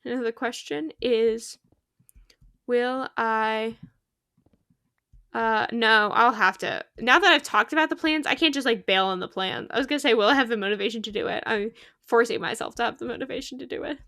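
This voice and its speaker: A young woman chatting casually while streaming a game, bubbly, giggly and easily excited, talking to friends in the game. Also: fairly high pitch, moderate pace, no echo, studio quality. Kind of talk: casual gaming stream chat.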